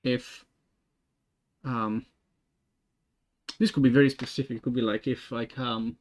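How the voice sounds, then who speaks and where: Italian-accented man thinking aloud, halting. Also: medium pitch, fairly even intonation. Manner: halting, full of fillers and restarts. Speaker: game developer streaming his work. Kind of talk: thinking aloud while working. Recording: dull lo-fi stream audio.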